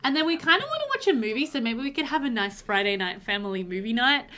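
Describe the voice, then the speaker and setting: A woman's voice: a little high, very animated, fast talker, sharp tone. Chatty, doting woman gamer. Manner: chatty and doting, coos over pets, frequent laughs. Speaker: let's play host. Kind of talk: casual gameplay commentary.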